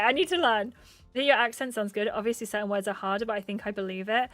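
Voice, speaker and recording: A woman's voice: mid-range voice, a bit bright, no echo, faint music behind. A young woman with an English accent, chatting casually with her livestream viewers and reading their comments aloud in a bubbly, talkative way. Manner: bubbly and chatty, quick laughs and gasps. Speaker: gaming streamer.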